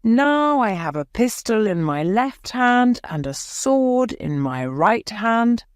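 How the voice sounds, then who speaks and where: A woman's voice: on the high side, sing-song, slow, clean tone, dry recording, studio quality, pitched above the performer's own voice. A woman doing Zorro, a bold masked hero. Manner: bold, taunting. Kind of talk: audiobook character voice.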